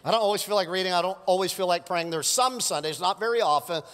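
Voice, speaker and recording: A middle-aged male pastor preaching live, his slightly high voice ringing through a hall with a long reverb. He is animated and teases the congregation as he goes. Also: quick pace, smooth. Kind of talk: sermon. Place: church sanctuary.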